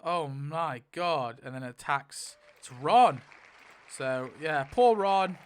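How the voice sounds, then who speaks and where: A man in casual, rambling commentary while spinning a wheel to rewrite a story, getting excited at results and briefly quoting characters. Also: a little high, takes it slowly, clean tone, some chatter behind. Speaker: YouTuber.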